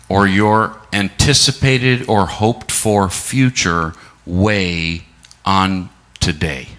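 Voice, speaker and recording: A middle-aged man speaking a sermon at a church service, reflective and unhurried, posing many rhetorical questions to the congregation and slowing down for emphasis. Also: low voice, pushed and bright.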